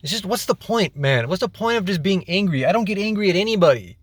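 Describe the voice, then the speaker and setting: A man's voice: sits high, expressive, fast talker, no room sound. A young man ranting casually to camera as a vlogger, exasperated and rambling, repeating himself and swearing.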